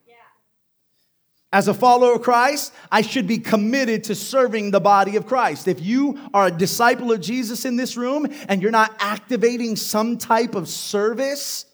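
A man preaching a sermon to a congregation, building from quiet points to loud, emphatic passages. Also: high voice. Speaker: pastor. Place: church hall before a live congregation.

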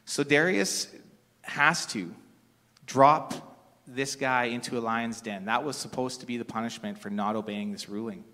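A man's voice: medium pitch, moderate pace, pushed and bright. A middle-aged man preaching a sermon in a conversational, storytelling way, sometimes restarting his sentences. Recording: long reverb of a large hall.

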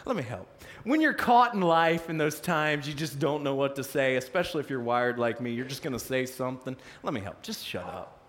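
A male pastor preaching, telling the story with animated, self-mocking humor. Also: medium pitch, fairly quick, big-room sound, a little hiss or hum. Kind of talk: sermon.

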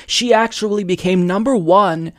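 Male commentary host, fairly high voice, dry close sound, pressing his points firmly. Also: normal speed, fairly bright tone, dry recording. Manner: emphatic and persuasive, addresses viewers directly. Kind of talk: opinion commentary monologue.

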